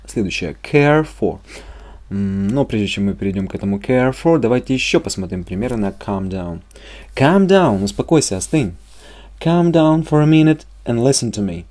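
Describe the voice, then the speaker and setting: A man gives a bilingual English lesson into a close mic. His voice moves lively up and down in a middle pitch. He reads example sentences slowly and clearly, then explains them quickly. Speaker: English teacher.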